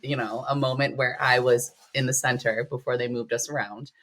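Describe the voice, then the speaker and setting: A woman's voice: a little fast, a little hiss or hum. A woman guest in a casual interview, telling stories with strong emotion and big swings in her voice. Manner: animated, emotional storytelling with big pitch swings. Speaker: interview guest, competitive bodybuilder.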